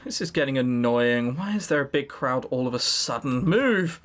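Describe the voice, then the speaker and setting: A man's voice: mid-range voice, animated, normal speed, a bit bright, close to an everyday voice. A man voicing a grumpy young male hero in a visual novel who talks in short irritated bursts. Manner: curt, irritated. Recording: faint background music.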